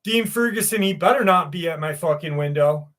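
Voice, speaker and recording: A man's voice: on the high side, brisk, a bit bright. A middle-aged man hosting a casual livestream, joking and swearing freely as he chats and reads a story aloud. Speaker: host.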